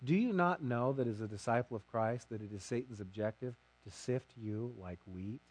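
A man's voice: medium pitch, normal speed, darkish tone. A man preaching a sermon, telling a story dramatically and acting out the quotes himself.

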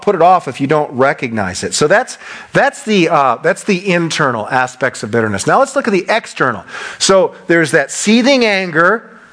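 A middle-aged man delivering a sermon in a fairly high voice. He hammers on repeated phrases and gets louder as his passion rises, then drops back to a quieter, conversational tone. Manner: repeats phrases for emphasis, swings between loud bursts and quiet asides; loud when passionate. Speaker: pastor.

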